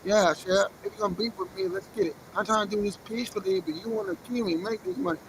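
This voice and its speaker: A man's voice: high voice, quick pace, slight background noise, rough recording. A man livestreaming, half-rapping and half-ranting in an agitated, profane, defiant freestyle. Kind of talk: freestyle rap and rant on a livestream.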